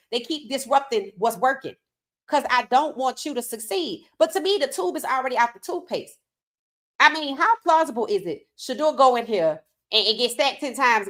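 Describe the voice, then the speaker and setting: Woman, sports podcast host, outspoken, casual live-stream talk, fairly high voice. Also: animated, a little fast. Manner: outspoken, reads chat comments aloud.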